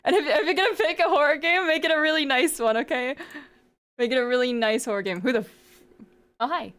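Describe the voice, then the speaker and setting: A woman's voice: high voice, quick pace, a bit bright. A woman streamer chatting casually with her viewers, playful and giggly as she teases them. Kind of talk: casual live-stream chat.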